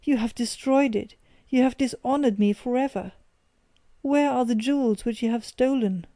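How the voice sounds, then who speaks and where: A woman voicing an older male banker who shouts furious accusations at his son. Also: fairly high pitch, fairly even intonation, moderate pace, no room sound, lightly acted.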